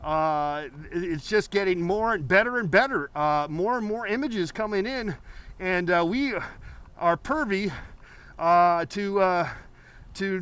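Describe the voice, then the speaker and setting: A man's voice: sits high, fairly bright tone, clear, resonant tone. A man hosting a live call-in painting show, rambling playfully with many fillers.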